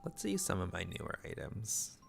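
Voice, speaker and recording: Male streamer, low voice, quick and rambly, slight stutter, casual chat. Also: huge pitch swings, vocal fry, slight background noise. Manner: fast talking, rambling; stutters and mumbles, repeats words.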